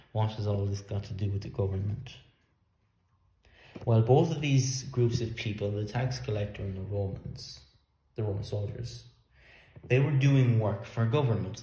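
A man's voice: fairly low pitch, dark tone, a little hiss or hum. A man preaching a sermon in an earnest, emphatic way, sometimes repeating words as he works through a point. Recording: echoey room.

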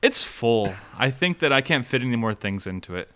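A man's voice: mid-range voice, big pitch swings, normal speed, sharp tone. A man from Minnesota in his thirties co-hosting a casual podcast chat, laughing often and swearing freely. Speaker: podcast co-host.

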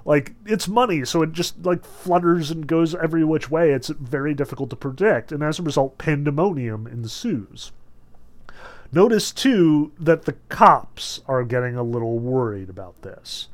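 Lecturing on a novel and reading passages aloud, this male literature lecturer keeps things casual and chatty, often using "like" and "notice." His fairly high voice moves at a moderate pace with lively intonation.

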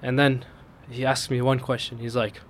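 A man's voice: moderate pace, a little hiss or hum. A man telling a funny personal story in a casual chat, breaking into laughter as it builds. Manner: laughs through the punchline, voice climbs high with excitement.

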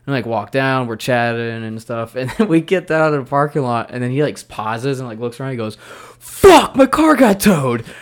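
A man in his thirties co-hosting a podcast, telling a long rambling story in casual chat and quoting people in lively bursts. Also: medium pitch, a little fast, few pauses, clear, resonant tone. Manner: rambling, animated when quoting others. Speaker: podcast co-host.

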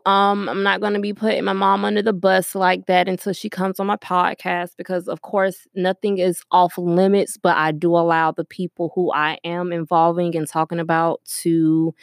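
Her voice is lowish with vocal fry, little pitch movement and a measured pace. She's a young woman running a solo podcast from the store she works at, earnestly musing and filling gaps with ums and you-knows. The echo-free recording is studio quality.

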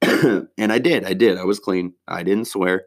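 A man's voice: low-pitched, unhurried. A stand-up comedian, a man, casually recapping his week in a rambling, laid-back way, swearing freely and using slang.

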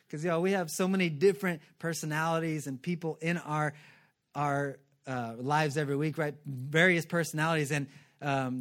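A male pastor giving a lively, joking sermon and acting out quick character voices. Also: fairly high pitch.

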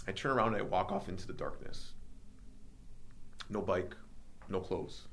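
A man with a low-pitched voice recounts a personal story in a relaxed podcast chat. He talks animatedly, acting out what others said, with plenty of ums and likes. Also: moderate pace, creaky, long pauses, slight background noise. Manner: animated, reenacts dialogue, many fillers. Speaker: podcast host telling his story.

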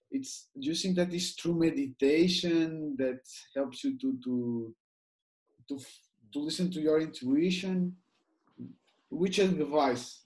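Echoey, slightly high-voiced male interviewer. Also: a little mellow. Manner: thoughtful, searching for words. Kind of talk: interview questions. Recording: roomy echoey sound.

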